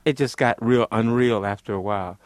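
A man's voice: on the low side, fairly quick, dry recording. A man from Louisiana, a Vietnam veteran, telling his story in a rambling, vivid way that is full of "like" and "you know". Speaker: Vietnam veteran, former Marine. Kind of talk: casual storytelling interview.

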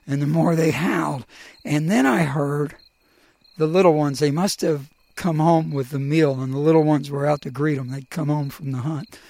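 A middle-aged man telling his own personal story in a halting, emotional way, with many pauses and fillers. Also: a little high, gravelly, dry recording.

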